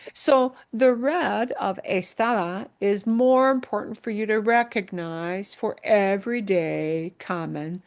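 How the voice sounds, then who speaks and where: A woman teaching a Spanish grammar lesson, encouraging and checking in often with her students, drawing out key words for emphasis. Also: mid-range voice.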